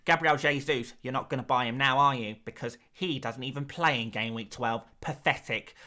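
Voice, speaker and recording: A man's voice: medium pitch, normal speed, sharp tone, lightly acted. A man doing a pompous stats-nerd voice. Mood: mock-formal. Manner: over-precise, mock-formal delivery. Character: pompous nerdy man presenting statistics.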